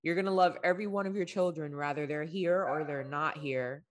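A woman in her thirties co-hosting a podcast, speaking candidly in an earnest, halting way that often repeats itself. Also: sits low. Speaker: podcast co-host. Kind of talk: candid conversation.

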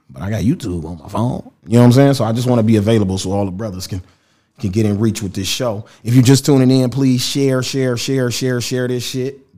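Slangy, animated man hosting a podcast. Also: mid-range voice. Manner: slangy, animated, talks over co-host. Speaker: podcast host. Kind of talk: casual podcast chat. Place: home studio.

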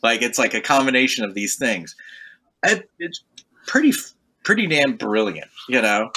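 Podcast co-host, male, expressive storyteller, bright tone, wide pitch swings. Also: moderate pace, husky. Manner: animated storyteller, mimics guitar sounds. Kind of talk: casual chat.

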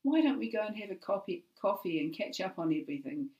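A woman voicing a composed, affectionate mother who speaks calmly and a little glibly. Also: mid-range voice, quick pace, distant mic, highs cut off, voice pushed up. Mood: warm. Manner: calm, gently teasing. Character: warm, composed academic mother.

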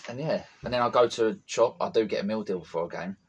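A man appearing as a guest on a podcast, chatting casually and telling halting anecdotes. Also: lowish voice, a little hiss or hum. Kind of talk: casual chat.

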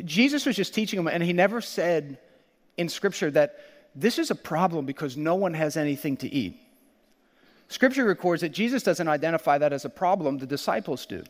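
A man preaching a sermon as pastor, animated, laughing often and acting out quoted lines. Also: on the high side, long reverb tail.

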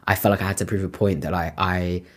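A man's voice: low-pitched, fairly even intonation, fast talker, fairly bright tone. A British man of twenty-eight co-hosting a podcast, talking candidly and reflectively, peppering his speech with "like" and the odd swear word. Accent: British English. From Britain. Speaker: podcast co-host. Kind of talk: casual chat.

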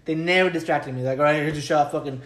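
A man in casual, profanity-heavy chat, telling animated stories about shots and needles. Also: on the high side, fast. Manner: swears constantly, animated storytelling. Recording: echoey room.

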